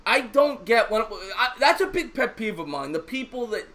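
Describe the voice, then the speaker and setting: A man's voice: very high voice, sing-song, moderate pace, pushed and bright. A man co-hosting a casual live sports talk stream, telling a rambling joke and reading out viewer messages. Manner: rambling, repeats himself, tells jokes.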